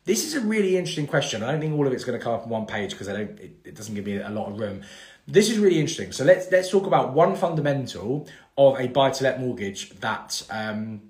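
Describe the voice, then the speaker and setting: A man's voice: medium pitch, sing-song, fast, a little mellow. A man, hosting a casual live-stream Q&A about mortgages and rambling through fillers and restarts. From England. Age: 30s. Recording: echoey room.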